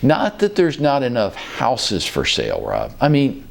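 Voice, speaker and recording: A man in his fifties hosting a casual talk show from his office, telling stories in a relaxed, folksy, chatty way. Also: medium pitch, unhurried, gravelly. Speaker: real estate brokerage leader hosting a show.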